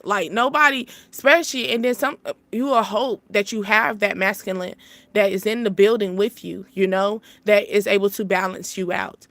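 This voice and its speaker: A woman hosting a spiritual channel, giving a casual motivational talk. She rambles, repeats herself and laughs often, swinging between emphatic highs and soft asides. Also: no room sound.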